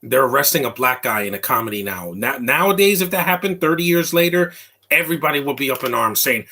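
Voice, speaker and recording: Man, casual movie commentary, laughs a lot, rambling asides, loud reactions to the screen, middle pitch. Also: expressive, fast. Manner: reacts loudly to the film, quoting lines in a high voice. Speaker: film commentary podcaster.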